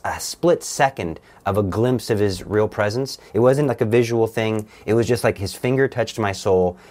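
A man appearing as a guest, giving an earnest and intense personal religious testimony. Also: lowish voice.

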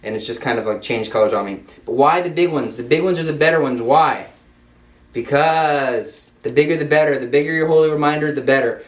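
A young man with a mid-range voice speaks a little fast while giving an informal Catholic devotional talk, emphatic and repetitive, with playful asides. He's off-mic in an echoey room.

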